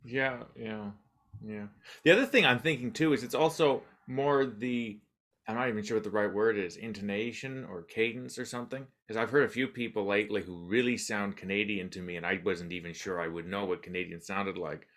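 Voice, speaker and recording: A man's voice: on the low side, brisk, a bit bright. A man hosting a podcast, chatting casually, musing and self-deprecating, often trailing off. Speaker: podcast host. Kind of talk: casual interview chat.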